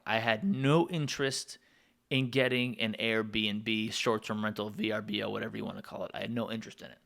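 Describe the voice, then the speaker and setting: A man's voice: on the low side, steady tone, fairly quick, gravelly, fairly bright tone. Rambling casual man telling a story. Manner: rambling, digressive, with asides to listeners. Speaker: music producer and channel host.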